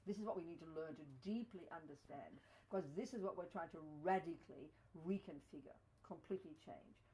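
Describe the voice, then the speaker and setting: A woman's voice: fairly low pitch, fairly quick, warm tone, rough recording. A woman giving a Buddhist teaching to a study group, talking emphatically with many "you know"s. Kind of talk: dharma teaching talk.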